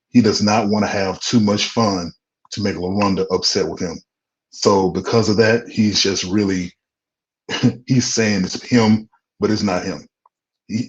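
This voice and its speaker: A man on a podcast panel giving his opinion in a measured, plain-spoken way. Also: deep voice, highs cut off. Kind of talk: casual podcast chat.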